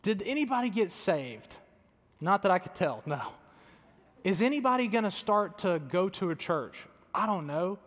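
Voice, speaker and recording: A man's voice: sits high, very animated, normal speed, a bit bright. A man, a pastor, telling a story in a sermon, conversational and self-deprecating, earnest in tone. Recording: long reverb of a large hall.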